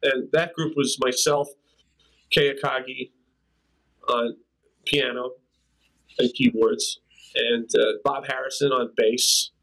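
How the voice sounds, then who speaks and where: Here an older man, a drummer guesting on an interview, spins loose, casual stories at a slow pace with long pauses, breaking into scat-sung drum beats and laughter. He has a medium-pitched, level, slightly bright voice, captured in a rough recording.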